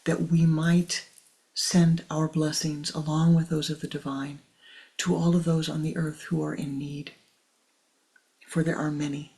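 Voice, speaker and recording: An older spiritual teacher speaks in a gravelly, mid-pitched voice. The talk is soft and measured, leading into a meditation, and often sinks into a near whisper. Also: level tone, rough recording.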